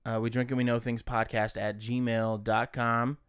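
A man's voice: mid-range voice, flat delivery, measured pace, a bit bright, clean tone. A man co-hosting a comedy podcast, chatting casually with loose, swearing banter. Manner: swearing, laid-back banter. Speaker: podcast co-host. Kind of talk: casual chat.

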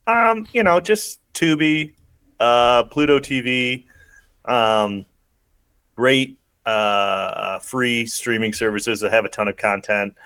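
Halting, filler-heavy man on a podcast. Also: medium pitch, expressive, pushed and bright, clean tone, no room sound. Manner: halting, lots of fillers and restarts. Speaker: podcast co-host. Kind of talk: casual chat.

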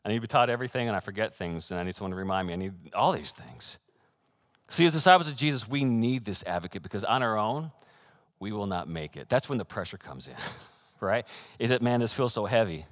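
A man preaching a sermon, animated and excitable, acting out quoted voices and breaking into soft laughs. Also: lowish voice, fast talker. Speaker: pastor.

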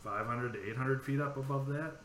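Man from California, rambling, swearing storyteller on a casual podcast, bright voice, echoey room. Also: mid-range voice, brisk. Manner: rambling storyteller, swears freely, acts out dialogue. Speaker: podcast co-host. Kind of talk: casual chat. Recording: echoey room with faint background noise.

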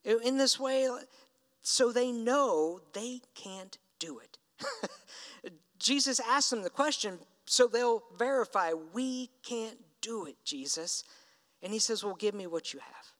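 A man's voice: very high voice, big pitch swings, slow, fairly bright tone. A man preaching a sermon in a conversational storytelling way, acting out the lines he quotes. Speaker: pastor. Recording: reverberant hall.

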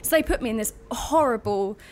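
A woman's voice: a little high, animated, fairly quick. A young woman, a guest actress, telling stories in a chatty, laughing way on a casual podcast. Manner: chatty storyteller, laughs often, many "like"s.

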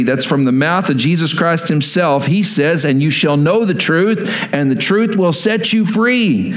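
A male pastor delivers a sermon in a high-pitched voice. He moves from a steady teaching tone to loud, emphatic passages. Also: measured pace, hardly any pauses, roomy sound, low-quality recording. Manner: preaching, rising to loud emphatic peaks.

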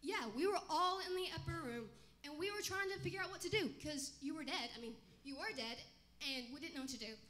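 A woman playing an excitable male fisherman disciple in a comic church skit, rambling and eager, bursting into shouts. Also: high-pitched, fairly quick. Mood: storytelling.

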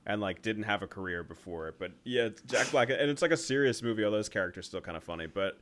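A young man co-hosting a movie podcast in casual chat, rambling with many fillers and acting out scenes in quick voices. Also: lowish voice, expressive, fairly bright tone. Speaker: podcast co-host.

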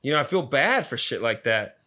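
A man's voice: medium pitch, very animated, fairly quick, bright, forceful tone. A man casually telling a story, swearing constantly and retelling it with energy.

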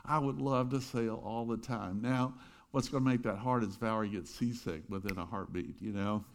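A middle-aged pastor telling a lively story in his sermon, with chuckling asides. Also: fairly low pitch, moderate pace.

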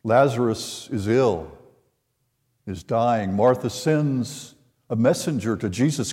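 An older man preaching a sermon, retelling a scripture story in an unhurried way and voicing the quoted lines. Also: mid-range voice, darkish tone. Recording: long hall reverb.

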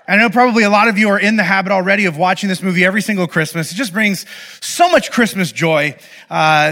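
A young man speaking to a live audience in an animated, playful way, often checking in with the audience. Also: high-pitched. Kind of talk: lively talk to a live audience.

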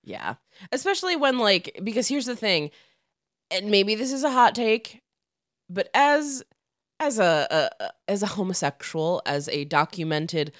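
A woman in her thirties co-hosts a casual podcast chat with a very lively, swooping pitch. She talks bluntly and swears freely. The sound is dry and close. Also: a little slow, no echo. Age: 30s. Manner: animated, laughing, blunt and profane. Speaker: podcast co-host.

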